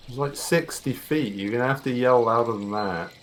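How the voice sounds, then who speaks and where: Man at a game table, quizzical, joking, laid-back, middle pitch. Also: moderate pace, a little hiss or hum, poor audio. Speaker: player. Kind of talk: casual tabletop chat.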